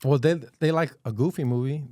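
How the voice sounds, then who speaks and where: A man's voice: a little high, a little fast, mellow, dry recording, clean studio sound. A man in his thirties, a podcast co-host, chatting casually and telling stories about his kids with acted-out voices. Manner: storytelling, acts out his kids' voices. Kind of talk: casual chat.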